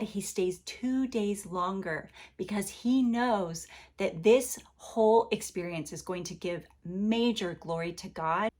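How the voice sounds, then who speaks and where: A woman teaching a devotional Bible lesson at a mid-range pitch for a woman. She talks like a friend across the table, gentle and encouraging, and now and then slips into a playful acted-out quote. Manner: conversational and animated, acting out quotes playfully.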